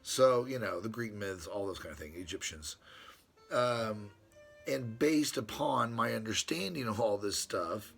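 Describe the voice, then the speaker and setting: A man's voice: lowish voice, expressive, unhurried, creaky, fairly bright tone, husky, soft background music. A man reading his own letter aloud and breaking off into rambling asides. He hesitates a lot, restarts his sentences and chuckles to himself between passages. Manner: hesitant, many restarts and fillers. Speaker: channel host.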